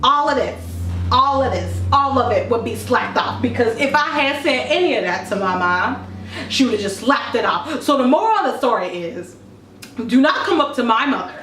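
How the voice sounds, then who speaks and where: Vlog lead: high-voiced young woman, animated comic storyteller, roomy echo, a bit off-mic. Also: normal speed, slight background noise. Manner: animated, exaggerated, laughing through lines. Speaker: vlogger. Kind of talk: comedic storytelling monologue. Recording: echoey room, mic at a distance.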